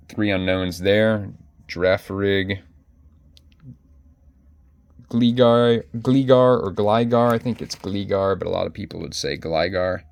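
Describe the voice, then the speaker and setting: A man's voice: low voice, gravelly, no room sound. A man chatting casually to his viewers as he pages through his card collection, often correcting himself mid-sentence. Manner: chatty, self-correcting, addresses viewers directly. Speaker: collector vlogger.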